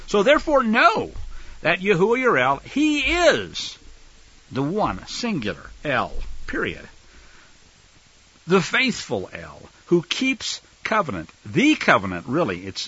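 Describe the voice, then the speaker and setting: Man preaching bible study, kinda high lively voice, punchy emphasis then quiet bits, lo-fi sound. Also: slightly rough. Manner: emphatic, swinging from loud stresses to quiet asides. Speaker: Bible teacher. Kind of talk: sermon-style scripture teaching. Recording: dull lo-fi recording, dry.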